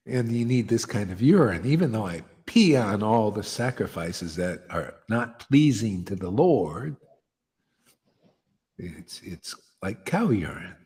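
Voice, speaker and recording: Fairly low in pitch and sing-song, a male spiritual teacher leading satsang speaks slowly with frequent pauses and a slightly mellow tone. His impassioned devotional sermon is blunt and fiery, peppered with slang like "man," and echoes with long hall reverb.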